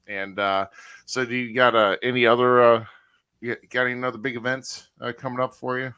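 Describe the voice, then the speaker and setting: A man hosting a podcast interview, who laughs often and asks questions haltingly, with many fillers. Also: medium pitch, level tone, sharp tone, smooth, dry recording. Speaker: podcast host. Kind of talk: casual interview.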